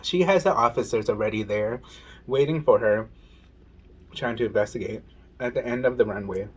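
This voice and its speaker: Husky man telling a casual story. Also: medium pitch, moderate pace. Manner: animated, says "y'all" and "oh my goodness". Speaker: mukbang vlogger. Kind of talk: casual storytelling while eating.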